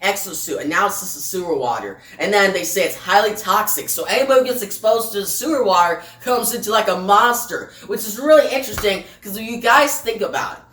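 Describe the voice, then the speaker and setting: A woman's voice: medium pitch, brisk, hardly any pauses, fairly bright tone. A woman giving a casual, chatty comic book recap, often checking in with "right?". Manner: chatty, keeps asking "right?". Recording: echoey room, distant mic, faint music.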